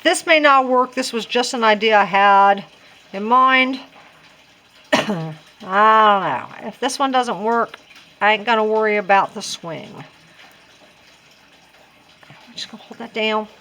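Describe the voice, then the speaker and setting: A chatty woman with a drawl walks through a home craft project, thinking out loud as she goes. Her voice sits a little high, and she laughs at her own mistakes. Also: a little slow, pauses often. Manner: chatty, self-deprecating, thinks aloud. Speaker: crafting vlogger. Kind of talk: casual craft tutorial.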